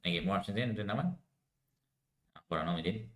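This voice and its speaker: A man's voice: low-pitched, racing. A man rambling in casual livestream chat, slangy and swearing often, calling everyone mate, recorded on a laptop mic at home. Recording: echoey room.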